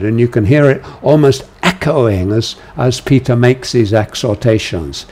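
A man teaching a lecture on a biblical book, measured and full of "uh" fillers. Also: medium pitch, darkish tone. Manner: gives quoted commands with raised force. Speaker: Bible teacher.

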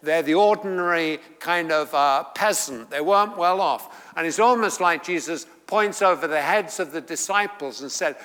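A middle-aged man teaching a sermon on the Beatitudes, halting with fillers and restarts, rising emphatically when he quotes scripture. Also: on the high side, pushed and bright. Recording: long reverb of a hall.

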